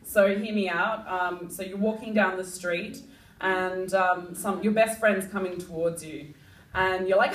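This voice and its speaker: A woman's voice: fairly low pitch, steady tone, unhurried. Rambling Australian woman doing stand-up. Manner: rambling, full of "like" and "um", giggly. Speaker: stand-up comedian. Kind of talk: stand-up comedy set. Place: comedy club. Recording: echoey club mic heard from far off. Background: audience room noise.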